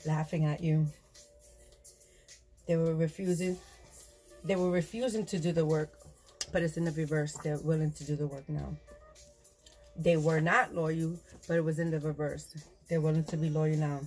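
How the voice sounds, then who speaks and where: A woman's voice: deep voice, flat delivery, moderate pace, long pauses, darkish tone, soft background music. A tired woman giving a casual tarot reading, loose and laughing, swearing and slipping into whispers. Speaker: tarot reader.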